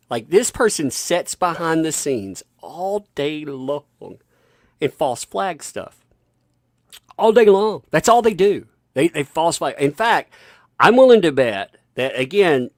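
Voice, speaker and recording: A man's voice: mid-range voice, dry recording. Guy doing an opinion rant vlog from home, keeps restarting sentences, dry close sound, medium voice. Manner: emphatic, rambling with frequent restarts. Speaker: commentary channel host. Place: home with a basement.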